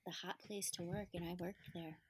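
A woman's voice: lowish voice, steady tone, normal speed, a little hiss or hum. A woman co-hosting a casual podcast, giving dry, brief, playfully defensive replies. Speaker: podcast co-host. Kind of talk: casual chat.

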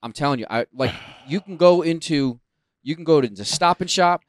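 A man's voice: fairly high pitch, lively intonation, moderate pace, dry recording. A man co-hosting a casual podcast, telling stories and joking about words. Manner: jokey storyteller, playful word games. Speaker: podcast co-host. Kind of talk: casual chat.

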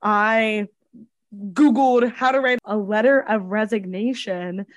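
Young female podcast co-host, animated casual storyteller, dry close-miked sound. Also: mid-range voice, slow pace, no echo. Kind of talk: casual chat.

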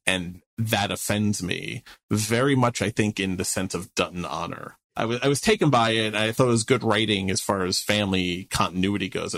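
A man's voice: lowish voice, a bit bright. A man co-hosting a podcast about a TV series, analyzing scenes earnestly with occasional fillers. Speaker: podcast co-host. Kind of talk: casual podcast discussion.

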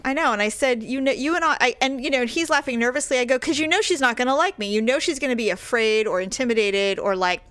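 A woman's voice: quick pace, few pauses, no echo. Chatty woman co-host, gossipy storyteller, dry close sound, big swings into put-on voices. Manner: animated, jumps into high put-on voices when quoting people. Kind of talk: casual chat, storytelling.

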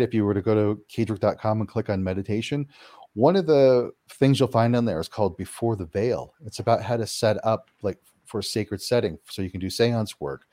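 A man answering interview questions, explaining his work clearing houses and acting out quoted reactions as he talks. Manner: animated, acts out quoted reactions with big pitch jumps. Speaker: paranormal house-clearing practitioner, guest.

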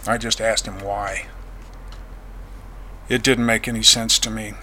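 A man giving a personal testimony as a veteran, plain-spoken and earnest, going quiet on painful memories. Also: fairly low pitch, flat delivery, unhurried, slight background noise.

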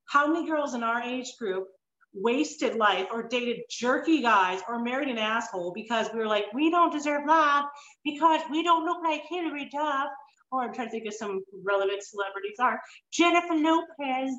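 High-voiced, blunt woman podcast host. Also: normal speed, roomy sound, muffled recording, slight background noise. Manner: animated, blunt, swears freely, rambling asides. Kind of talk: casual interview chat. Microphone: online call.

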